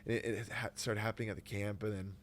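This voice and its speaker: A young man, a Christian influencer guesting on a podcast, telling stories in an animated way and dropping to a whisper for quotes. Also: fairly low pitch, fast, slight background noise. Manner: animated storyteller, drops to a whisper when quoting. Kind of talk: casual chat.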